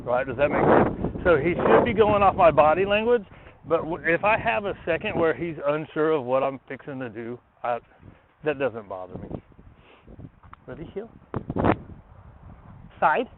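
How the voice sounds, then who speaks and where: A man training his dog outdoors, talking himself through it in a relaxed way between short commands to the dog. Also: a little high, moderate pace, long pauses. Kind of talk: casual training explanation. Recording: tinny phone-like, noisy outdoors.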